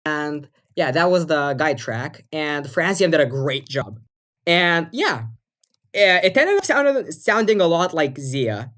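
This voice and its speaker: A woman's voice: low voice, expressive, slow pace, fairly bright tone. A woman co-hosting a podcast in casual chat, rambling with lots of fillers and restarts. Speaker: podcast co-host and music producer.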